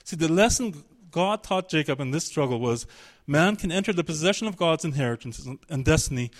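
A man's voice: a little high, expressive, a little fast. A man preaching a sermon, emphatic and searching, voicing the pleading of a biblical figure in his quotes.

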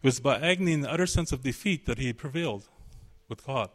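A man's voice: mid-range voice, animated, fast talker. A man preaching a sermon, emphatic and searching, voicing the pleading of a biblical figure in his quotes.

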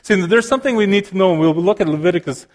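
A man's voice: high-pitched, racing. A man preaching a sermon, explaining scripture earnestly and often restarting his phrases.

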